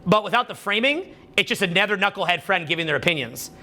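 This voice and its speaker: A man coaches on social confidence in a loose, rambling style, sprinkling "like" and "right?" through every thought. His voice is bright and forward, sitting a little above the usual male pitch, and his manner stays animated. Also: quick pace. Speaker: dating and social skills coach. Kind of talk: casual motivational talk.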